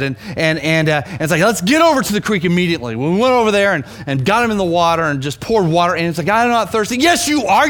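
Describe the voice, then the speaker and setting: A middle-aged man, a pastor telling a story in a sermon, animated and emphatic, often restarting his words. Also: fairly high pitch.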